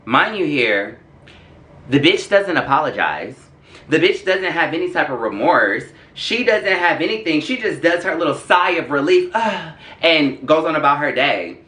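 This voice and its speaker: Sassy young guy doing his makeup and telling a story, bright voice, kinda high. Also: normal speed. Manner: animated and sassy. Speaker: vlogger. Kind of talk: get-ready-with-me storytime while doing makeup. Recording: echoey room.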